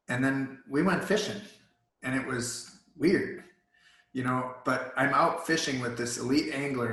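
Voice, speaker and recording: A man's voice: medium pitch, fairly bright tone, reverberant, low-quality recording. A man guest in a virtual Q&A, telling a personal story in an earnest, emotional way. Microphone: video call.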